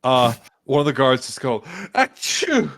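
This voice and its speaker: A man running a tabletop game as game master, talking in a casual, relaxed way. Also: mid-range voice, unhurried. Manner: casual, laid-back.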